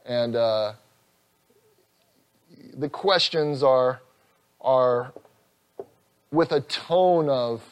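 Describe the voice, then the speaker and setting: Earnest male pastor preaching. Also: mid-range voice. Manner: earnest preaching, swells loud on scripture, drops soft, chuckles. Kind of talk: expository sermon.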